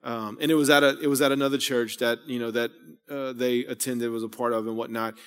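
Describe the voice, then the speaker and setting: A man's voice: mid-range voice, fairly even intonation, fairly quick, fairly bright tone, clear, resonant tone, in a large hall. A man in his thirties preaching a sermon, conversational and rambling, full of asides and rhetorical questions. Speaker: pastor. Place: church sanctuary.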